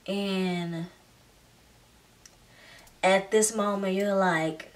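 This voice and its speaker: A woman's voice: medium pitch, fairly even intonation, extremely slow. A young woman telling a personal story in a casual, chatty way, with many filler words. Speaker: vlogger. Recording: slightly distant mic.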